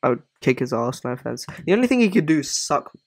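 A man's voice: mid-range voice, big pitch swings, quick pace, no echo. A man giving casual, rambling commentary on a gaming ranking, often apologizing as he goes. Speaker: gaming video creator.

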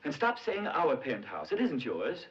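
An actor playing a flustered building manager who apologizes fussily, in 1930s film acting. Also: male voice, medium pitch, huge pitch swings, unhurried. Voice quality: fussy, over-apologetic. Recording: echoey, muffled old film soundtrack with hiss.

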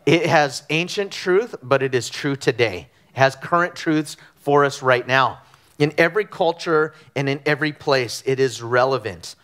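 A middle-aged man from Southern California preaching a conversational sermon, telling animated stories with frequent ums and restarts. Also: mid-range voice, normal speed. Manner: animated storytelling with frequent fillers. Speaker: pastor. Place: church sanctuary.

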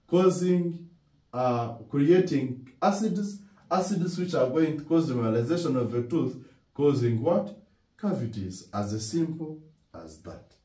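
A male dental lecturer with a Ugandan English accent gives a classroom lecture in a slow, mellow voice pitched a little high, often asking questions and answering them himself. He repeats key words with emphasis. The recording is distant from the mic, with a roomy echo.

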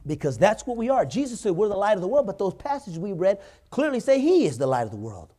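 A man's voice: high-pitched, sing-song, fast talker, hardly any pauses, mellow. Man preaching a storytelling sermon. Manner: storytelling, builds to emphatic preaching. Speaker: pastor. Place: church.

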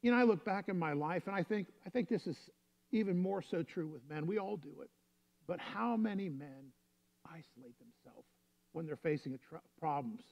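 Male pastor, fairly high voice, easygoing storytelling sermon, dull lo-fi recording. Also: lively intonation, moderate pace, creaky. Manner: storytelling, conversational preaching.

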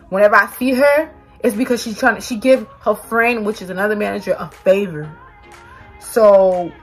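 A woman vlogger telling a storytime to her viewers, animated and swearing freely. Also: mid-range voice, slightly rough. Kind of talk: storytime vlog.

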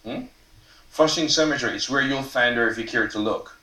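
A man, the author, reading aloud from his novel at a live event, expressive and casual, sometimes swearing and laughing at his own lines. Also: mid-range voice, a little fast. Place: event stage before an audience. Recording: roomy hall, mic from far off.

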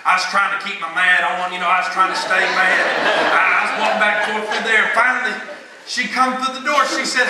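A man's voice: high voice, brisk. A man preaching a folksy storytelling sermon at a revival, acting out the people in his story. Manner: folksy, animated, acts out quoted voices. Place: large church sanctuary. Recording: echoey church, distant mic, noisy.

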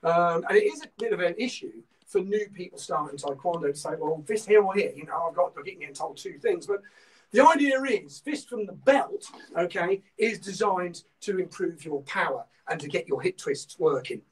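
This high-pitched, lively man speaks at a moderate pace, captured on a distant mic in a low-quality recording. He's from England with a Norfolk accent, running an online martial arts lesson where he breaks punches down stage by stage. He instructs clearly, keeps asking "okay?", and calls out counts loudly as students drill.

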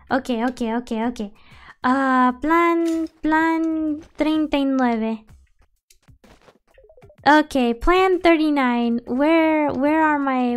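High-voiced bilingual woman gaming streamer. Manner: chatty, switches between English and Spanish, excitable outbursts. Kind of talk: casual gaming stream chat. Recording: faint background music.

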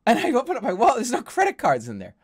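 A man streaming from his home gaming setup, ranting to chat in an exasperated, swearing, animated way. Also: very high-pitched, racing, husky. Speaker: game streamer.

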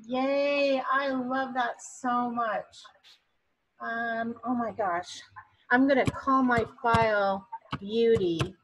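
A woman's voice: a little high, low-quality recording. A woman teaching an online painting class on a video call, chatty and encouraging. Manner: chatty, encouraging, bubbly when praising. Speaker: painting instructor.

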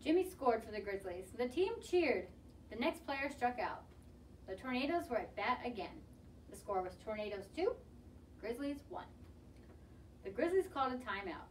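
A woman reading a children's picture book aloud in an expressive, lively way. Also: a little high, moderate pace, slight background noise. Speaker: storybook reader. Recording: distant mic with faint ambience.

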